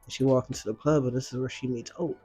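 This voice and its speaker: A man walking through a show recap in easygoing, slang-heavy talk, cursing without a second thought. His voice sits at an ordinary middle pitch. Soft music plays faintly underneath. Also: fast talker, breathy edge. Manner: slangy, expressive, swears freely. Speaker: reaction video host. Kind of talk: casual recap commentary.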